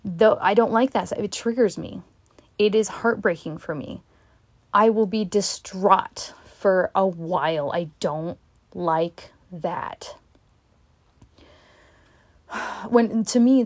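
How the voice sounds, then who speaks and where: A woman's voice: medium pitch, no room sound. Blunt, frustrated woman venting. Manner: frustrated, blunt, swears often; halting, with restarts and sighs. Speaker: vlogger. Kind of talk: candid venting monologue.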